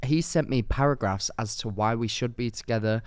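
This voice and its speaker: A young man co-hosting a podcast, chatting casually and acting out the people in his stories with lively quotes. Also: mid-range voice, brisk, clear, resonant tone, no echo. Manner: storytelling with acted-out quotes and frequent laughs. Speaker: podcast co-host.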